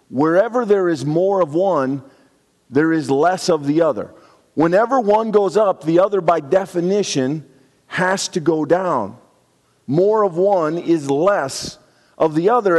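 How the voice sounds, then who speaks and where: In a large hall, a pastor delivers a sermon in a conversational, reflective manner, occasionally acting out short quotes. His voice sits a little high and sounds a little mellow.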